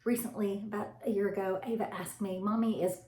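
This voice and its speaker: Mother vlogging, chatty and animated, voice ringing in a bare room. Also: mid-range voice, fairly quick. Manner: animated, laughing storyteller who addresses viewers as y'all. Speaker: mother vlogging about parenting. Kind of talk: casual chatty monologue to camera. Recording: echoey room.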